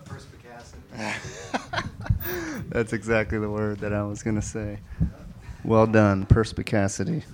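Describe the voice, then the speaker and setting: Male open-mic host, casual, animated pitch, a faint hum behind. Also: slow pace, pauses often. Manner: casual, chatty, filler-heavy. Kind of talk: live event hosting.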